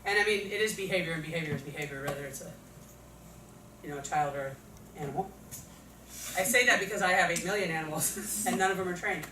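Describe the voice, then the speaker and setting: A woman's voice: lowish voice, fast, pauses often, bright, forceful tone. A woman training teachers at a workshop, talking conversationally and acting out what students and teachers say. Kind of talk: workshop presentation. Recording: echoey room from far off, noisy.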